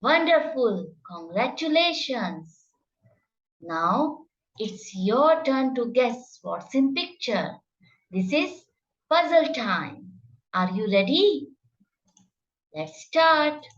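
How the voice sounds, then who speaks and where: A woman's voice: high voice, sing-song, extremely slow, pauses often, dull audio. A woman teaching phonics to children, sounding out each letter carefully and praising the listener. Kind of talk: slow, exaggerated phonics teaching.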